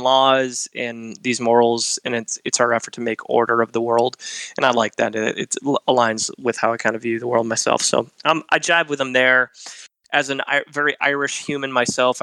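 A man hosting a casual podcast, thinking aloud and giving his take in a relaxed way. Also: mid-range voice, no room sound. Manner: relaxed, thinks out loud with restarts. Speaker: podcast host.

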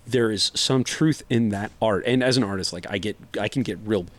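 A young man with a fairly low voice holds forth on a casual podcast. He rambles and jokes his way through the topic, stacking up fillers and restarting his sentences. The tone stays loose and conversational throughout. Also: fairly quick. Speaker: podcast co-host reviewing comics.

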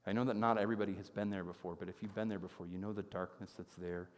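A man's voice: low-pitched, fairly even intonation, racing. A man pastor giving a sermon in a conversational storytelling manner, often asking his listeners questions. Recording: long hall reverb.

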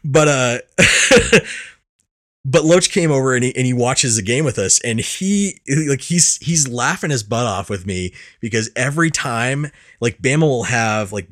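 Animated, bright-voiced young man. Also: medium pitch, a little slow. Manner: animated storyteller, laughs often, swears. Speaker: podcast co-host. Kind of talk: casual chat.

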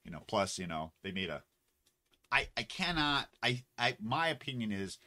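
Rambling low-voiced man co-host. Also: big pitch swings, normal speed, pushed and bright. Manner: rambling, fumbles for names, jokey asides. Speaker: podcast co-host. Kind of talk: casual chat.

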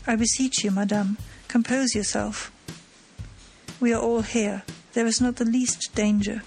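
A woman's voice: on the high side, fairly even intonation, a little slow, vocal fry, darkish tone, soft background music. A woman reading the part of an eager young male detective, urgent and reassuring, in her own voice.

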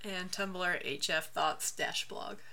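Laid-back woman cohost, lowish bright voice, lots of um and like. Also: takes it slowly. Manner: relaxed, hesitant, many fillers. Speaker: podcast co-host. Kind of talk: casual chat.

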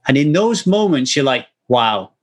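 A man with a mid-pitched voice talks candidly and earnestly. He restarts his words as he goes and swears casually. He acts out the voices of people he quotes. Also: moderate pace, fairly bright tone. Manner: acts out quoted speech animatedly. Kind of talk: candid conversational chat.

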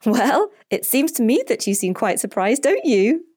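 A woman's voice: a little high, big pitch swings, moderate pace, darkish tone, husky, pitched above the performer's own voice. A woman voicing a cheerful, teasing mother in a children's story, with a playful, lilting delivery.

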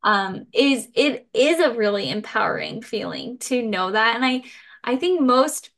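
A woman's voice: fairly high pitch, lively intonation, unhurried, fairly bright tone. A woman hosting a podcast, talking in a reflective way and speaking straight to her listeners. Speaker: podcast host. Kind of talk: casual chat.

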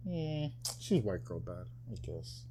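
A man's voice: lowish voice, takes it slowly. A young man co-hosting a podcast, talking in a loose, joking and crude way. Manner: joking, crude, animated storyteller. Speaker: podcast co-host. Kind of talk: casual chat.

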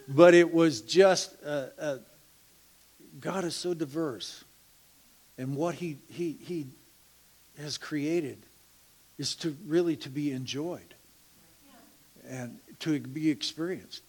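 Slow, halting man sharing a testimony. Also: a little high, slight background noise. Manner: slow, halting storytelling with laughs and hushed asides. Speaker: church member sharing a testimony. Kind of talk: personal testimony in church.

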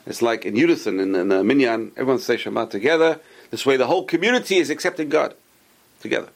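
A man's voice: medium pitch, quick pace, vocal fry. A man teaching a casual Torah lesson, explaining step by step and answering his own questions. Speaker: rabbi teaching a class.

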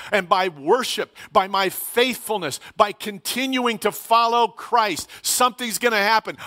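A man's voice: sits high, pushed and bright. A middle-aged man preaching a sermon in a conversational way, asking rhetorical questions and repeating key phrases. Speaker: pastor.

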